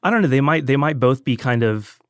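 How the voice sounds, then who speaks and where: A man's voice: medium pitch, animated, a little fast, dry recording. A man with an ordinary mid-range voice talks films in easygoing podcast banter. He agrees readily and strings his thoughts together with fillers. The recording is close and dry. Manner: agreeable, full of fillers like 'yeah' and 'like'. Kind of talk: casual film discussion.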